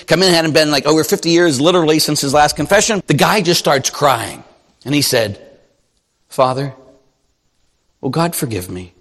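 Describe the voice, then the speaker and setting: A man's voice: fairly high pitch, a bit bright, big-room sound. A man preaching as a Catholic priest, telling stories animatedly and acting out the voices of the people he quotes. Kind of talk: sermon.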